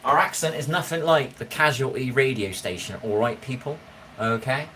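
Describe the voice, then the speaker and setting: A man's voice: medium pitch, normal speed, background noise. A man, chatting casually with viewers on a live stream, bantering and swearing now and then. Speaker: livestreamer reading chat.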